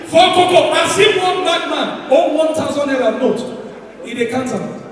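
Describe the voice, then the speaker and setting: High-voiced Nigerian comedian, echoing hall. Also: male voice, moderate pace, background noise. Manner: loud, animated, drops into pidgin. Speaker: stand-up comedian. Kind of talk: stand-up comedy routine. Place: large indoor comedy venue. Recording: echoey hall from far off, crowd.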